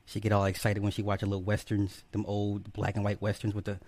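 A man's voice: fairly low pitch, completely flat delivery, quick pace, a little mellow, no echo. Casual, profane man streaming live. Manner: profane, joking, greets viewers by name one after another. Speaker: livestream host. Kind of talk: casual livestream chat.

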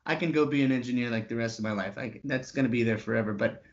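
A man in his twenties telling an animated story, swearing freely and acting out the other people's lines. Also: mid-range voice, fast, lo-fi sound.

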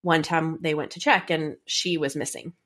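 A woman's voice: deep voice, steady tone, normal speed, fairly bright tone. A woman in her thirties co-hosting a podcast, chatting casually from a home closet, sounding stuffy from a cold and rambling with many fillers. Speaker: podcast co-host. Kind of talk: casual chat. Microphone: home recording from a closet.

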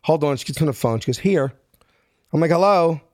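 A man's voice: a little high, fast talker, warm tone, dry recording, studio quality. A middle-aged man from South Philadelphia with a Philly accent, telling a story and acting out each person in it in street-smart talk. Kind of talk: animated storytelling.

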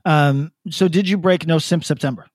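Man, podcast co-host, animated, profane, casual chat, slightly high, dry sound. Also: normal speed, no echo. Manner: animated, profane, laughs often.

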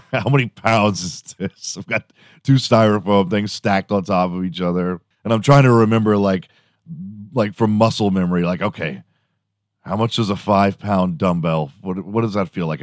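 A man's voice: fairly low pitch, moderate pace, no room sound, studio quality. A man hosting a podcast, telling a rambling comic story with frequent profanity and laughter. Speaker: podcast host. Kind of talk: rambling comedic monologue.

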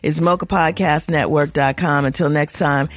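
A woman's voice: low-pitched, fairly even intonation, moderate pace. A woman radio host interviewing a guest and signing off the show. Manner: brief affirmations, upbeat sign-off.

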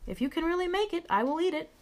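A woman's voice: extremely high pitch, expressive, fast talker, voice pushed up. A woman voicing a clever male cat in a storybook read-aloud, with a skeptical, bossy manner. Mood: doubtful.

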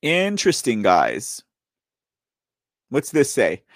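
A man's voice: medium pitch, wildly swooping pitch, takes it slowly, no echo, clean studio sound. A man in his forties hosting a live political commentary show, talking off the cuff in a sarcastic way, firing rhetorical questions with laughing asides. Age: 40s.

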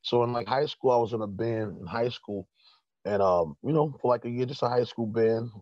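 A man's voice: medium pitch, normal speed, dry recording. Give me a laid-back New man rambling in casual chat. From New York. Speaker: guest. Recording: dull muffled sound.

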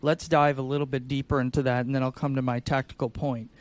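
A man on an insurance sales podcast giving tactical advice in a lively, demonstrative way, often acting out calls. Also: medium pitch, fast. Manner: animated, acts out sales calls.

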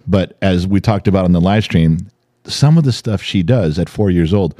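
An older man, co-hosting a podcast, chatting casually and telling animated stories with acted-out voices. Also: low-pitched, normal speed, dry recording, clean studio sound. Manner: animated storytelling, acting out voices. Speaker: podcast co-host. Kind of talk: casual chat.

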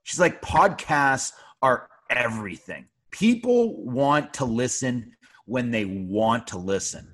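A man co-hosting a podcast, relaxed, chatting casually and adding short replies. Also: medium pitch. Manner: relaxed, quick back-channel replies. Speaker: podcast co-host, former hockey player. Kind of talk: casual chat.

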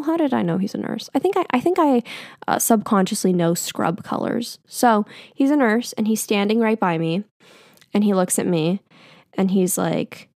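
A woman's voice: mid-range voice, dry recording. Chatty young woman, dry sound. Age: 20s. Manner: chatty, animated, frequent "like" fillers. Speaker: podcast host. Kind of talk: casual storytelling.

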